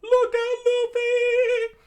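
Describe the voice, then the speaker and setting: A frantic young male cook for a comic read-aloud, shrieking in a shrill, very high falsetto. He yells loud and strained, with a thin, altered tone. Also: slow, heavily acted. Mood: shrieking panic.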